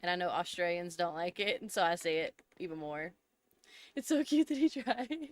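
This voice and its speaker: A woman live-streams a game and chats casually with her viewers, answering chat and laughing often in a giggly way. Her voice is fairly low with lively intonation and a moderate pace, and there's no room sound.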